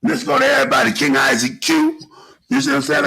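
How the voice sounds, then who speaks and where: Gravelly, animated podcast host. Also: male voice, very high voice, fairly quick, a little hiss or hum, rough recording. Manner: animated, preachy, repetitive riffing. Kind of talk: casual podcast monologue.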